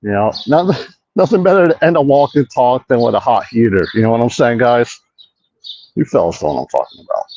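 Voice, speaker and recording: A man's voice: medium pitch, lively intonation, fairly quick, a little mellow, dull audio, a little hiss or hum. A man hosting a casual walk-and-talk vlog outdoors, rambling, swearing a lot and mocking himself. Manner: rambling, profane, self-mocking. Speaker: host. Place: outdoor park.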